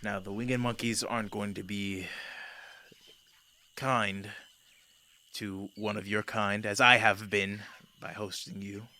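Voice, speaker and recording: A man voicing a weary male lion king who speaks slowly and gravely. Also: on the low side, animated, bright, forceful tone, a little hiss or hum, exaggerated voice. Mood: stern. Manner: slow, sighing and grave.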